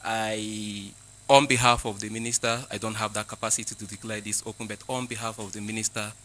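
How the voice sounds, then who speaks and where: A man's voice: fairly low pitch, level tone, a little fast, a bit bright, poor audio. A Nigerian man speaking as a government representative, giving a formal welcome address that runs through protocol greetings.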